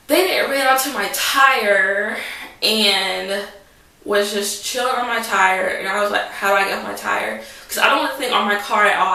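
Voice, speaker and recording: A woman's voice: medium pitch, sharp tone. A young woman telling a story to the camera in a rambling, dramatic way, full of "like". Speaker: vlogger. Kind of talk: casual storytelling. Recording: roomy echo, mic at a distance.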